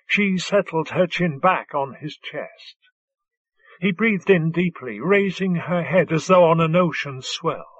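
Slow, husky male narrator. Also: a little high, expressive, no echo. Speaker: audiobook narrator. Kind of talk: scripted narration. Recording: dull lo-fi recording.

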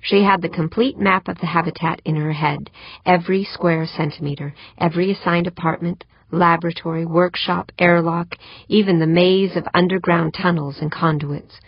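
A woman reads a novel aloud as an audiobook narrator, her voice low and husky and her pacing steady, even and moderate. The scripted narration sounds dry, dull and muffled, recorded close to the mic with no room sound.

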